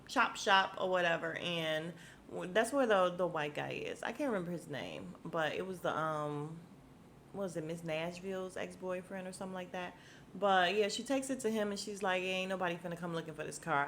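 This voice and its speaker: A woman's voice: lowish voice, a bit bright, slight background noise. A woman hosting a podcast, recapping a TV episode in a casual, slangy way, acting out the characters' lines and laughing often.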